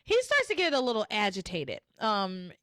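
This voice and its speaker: A woman's voice: mid-range voice, wildly swooping pitch, moderate pace, fairly bright tone, dry recording, clean studio sound. A woman podcast host in casual chat, animatedly retelling scenes and acting out the quotes.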